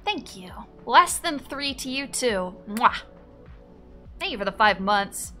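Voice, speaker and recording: Bright-voiced woman streaming, kinda high, playful and swearing, reading chat, quiet music behind. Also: big pitch swings, unhurried. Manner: playful, swears freely, reads out chat and thanks subscribers. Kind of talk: casual live-stream chat.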